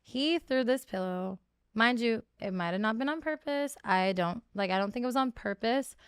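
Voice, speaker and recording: A young woman in her twenties telling stories as a podcast guest, animated and profane, jumping up in pitch and volume when she acts out quotes. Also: normal speed, clean tone, dry recording, studio quality. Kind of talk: candid storytelling interview.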